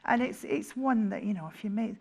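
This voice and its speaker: A woman's voice: mid-range voice, brisk, gravelly, a little mellow. Reassuring woman demonstrating sewing. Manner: reassuring, explains steps patiently. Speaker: sewing guest expert. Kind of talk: demonstration explaining. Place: TV studio.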